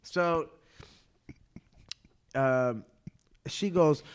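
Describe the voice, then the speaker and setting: A man, a comedian guest on a podcast, telling a story in casual slang, animated and laughing often. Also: medium pitch, extremely slow, long pauses, clean tone.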